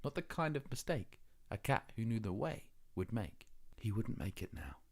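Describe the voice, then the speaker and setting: Low-voiced male audiobook narrator. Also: very animated, moderate pace, vocal fry. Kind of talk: scripted narration.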